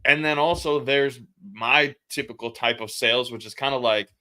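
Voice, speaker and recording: Bright-voiced man talking candidly. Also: medium pitch, normal speed. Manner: candid, storytelling, casual slang. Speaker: podcast guest, sales coach. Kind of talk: casual interview chat.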